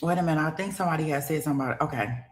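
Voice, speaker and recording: Speaking very fast in a low voice, this middle-aged woman hosts a casual livestream commenting on a trial. She talks directly to viewers and thanks donors, rambling with many restarts and fillers.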